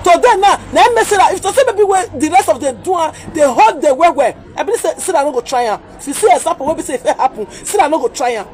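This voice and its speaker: A woman's voice: high-pitched, lively intonation, fast talker, few pauses, a little mellow, some chatter behind. A Nigerian woman from Edo, ranting in a heated, pleading way in a vlog, repeating herself as she scolds people. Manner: agitated, pleading, repetitive. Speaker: vlogger.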